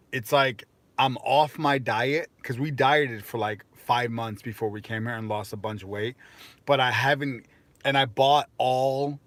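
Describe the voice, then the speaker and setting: A man's voice: mid-range voice, no echo. A young American man chatting casually on a live stream, rambling and self-mocking, with lots of fillers. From United States.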